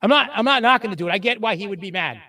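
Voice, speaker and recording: Animated high-voiced man, set back from mic. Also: rapid-fire, recorded from a distance. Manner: animated storyteller, acts out quotes in a lower voice. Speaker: podcast host. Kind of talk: casual chat, telling stories.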